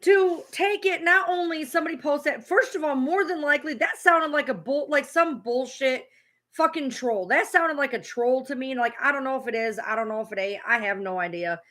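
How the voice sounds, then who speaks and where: A woman streamer speaks in a high, brisk, sharp-toned voice as she tears into a clip she's watching. Her livestream rant is furious and full of hard swearing, and she keeps repeating herself.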